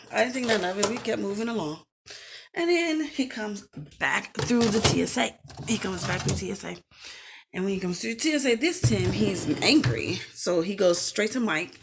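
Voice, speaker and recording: A woman, casually telling a storytime, animated and acting out the quotes. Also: mid-range voice, vocal fry, noisy background. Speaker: storyteller vlogger.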